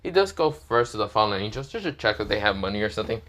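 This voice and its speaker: A man's voice: fairly low pitch, sing-song, fast, a bit bright. Rambling male fan-fiction storyteller. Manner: rambling, full of fillers and self-corrections. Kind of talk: improvised fan-fiction narration.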